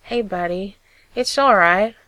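A woman's voice: medium pitch, slow pace, dry recording. A woman doing a guarded middle-aged father. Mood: gentle. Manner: gentle, tentative.

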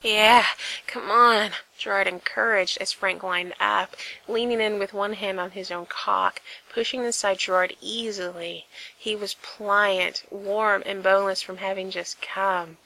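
A woman narrating a story aloud in an unhurried, intimate reading style. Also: mid-range voice, fairly even intonation, creaky, sharp tone, low-quality recording. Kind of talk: reading fan fiction aloud.

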